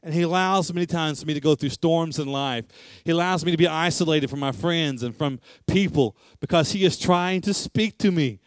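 A man's voice: a little high, normal speed, clean tone, no echo. Male preacher, sermon, rhetorical questions, repeated phrases, dry close sound. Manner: emphatic, repetitive, asks rhetorical questions.

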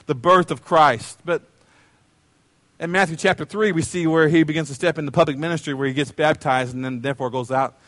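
High-voiced man preaching casually. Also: steady tone, brisk, fairly bright tone, no echo. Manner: conversational, playful, repeats phrases. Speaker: pastor. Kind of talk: sermon.

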